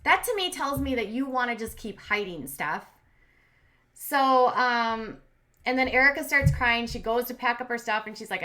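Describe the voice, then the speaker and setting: A woman's voice: on the high side, expressive, moderate pace, sharp tone. A woman hosting a commentary channel, recapping a reality show in a chatty, opinionated way with lots of "like" and "um". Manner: chatty, heavy use of "like" and "um"; opinionated, cheering and scolding the people she recaps.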